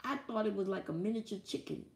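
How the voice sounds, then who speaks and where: A woman from the United States, a live streamer telling a profane, animated story and laughing often, alone in a small room at home. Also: medium pitch, fast talker, gravelly, echoey room. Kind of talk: casual storytelling monologue.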